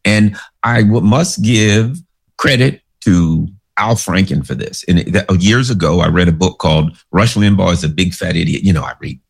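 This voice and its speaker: A man's voice: sits low, normal speed, gravelly, breathy edge. A man giving casual, sarcastic political commentary, rambling through stories and asides.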